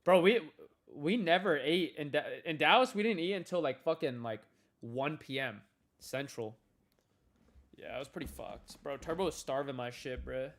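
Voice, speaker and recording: A young man hosting a relaxed trading livestream, his voice sitting a little high for a man. He talks loosely and profanely, calling everyone bro as he tells stories to his viewers. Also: moderate pace. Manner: loose slangy storytelling, swears often, calls everyone bro. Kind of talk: casual livestream chat.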